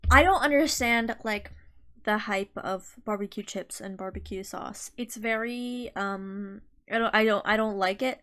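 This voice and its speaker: A woman's voice: a little high, pushed and bright. A young adult woman co-hosting a podcast in casual chat, rambling with many restarts and a giggly manner. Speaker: podcast co-host.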